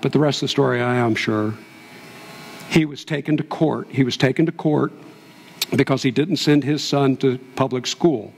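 A man's voice: mid-range voice, vocal fry. A man preaching a sermon as pastor, telling a story and building to impassioned peaks. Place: church sanctuary. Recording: long hall reverb.

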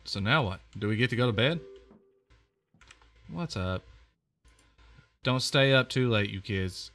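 A man talking through a horror game in a loose, chatty way, his pitch jumping up and down as he reacts. His voice is bright and forward, and he exclaims and repeats himself a lot. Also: expressive, unhurried, pauses often. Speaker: gamer playing a horror game. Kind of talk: casual let's-play commentary.

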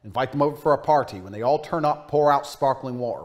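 A man's voice: mid-range voice, fast, darkish tone. A man ranting in a profane, boastful, mocking way in a monologue clip. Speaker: internet personality.

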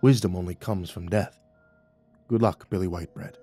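A man voicing a calm, cryptic male spirit guide, who speaks in a measured, soft-spoken way. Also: deep voice, husky, faint music behind, voice pushed down.

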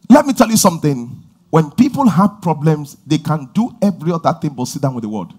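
Husky, high-voiced preacher. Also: male voice, big pitch swings, brisk. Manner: emphatic preaching, often shouting and drawing out words; repeats phrases and calls out praise. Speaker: pastor. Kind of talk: sermon.

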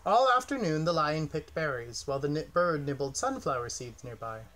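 With a slightly high voice at normal speed, a man tells a children's picture book story in a soft, expressive way.

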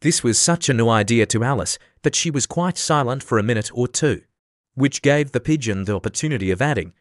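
A man narrating a classic children's storybook as an audiobook, in a measured, gently expressive reading. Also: medium pitch, no echo, clean studio sound.

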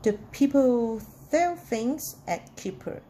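A woman reading a children's storybook aloud in a slow, clearly enunciated, sing-song way. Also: fairly high pitch, expressive, dark tone, a little hiss or hum.

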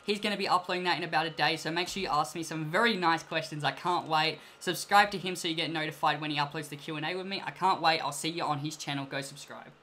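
A young man playing an online game, casually talking to viewers and trading with another player, excitable and quick to protest when crossed. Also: fairly high pitch. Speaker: gaming YouTuber. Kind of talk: casual gameplay commentary and trading.

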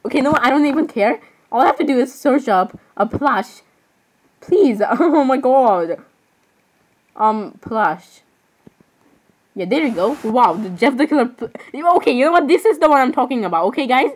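A woman's voice: sits high, lively intonation, normal speed, low-quality recording. Rambling, giggly young-sounding woman. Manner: rambling, keeps apologizing, giggly, says "literally" often. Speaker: vlogger. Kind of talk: casual screen-browsing commentary.

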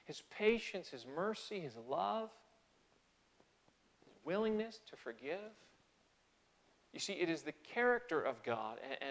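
In a church sanctuary, a male pastor delivers an earnest, conversational sermon. He rises in pitch and volume on key phrases and slips into small restarts now and then.

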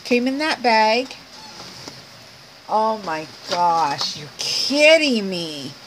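A woman's voice: medium pitch, drawn-out words, background noise. A woman vlogger opening a gift package at home at night, gushing and laughing as she shows each item to her viewers. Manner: gushing, excited, laughs often, exclaims over each item. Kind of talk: casual unboxing chat to viewers.

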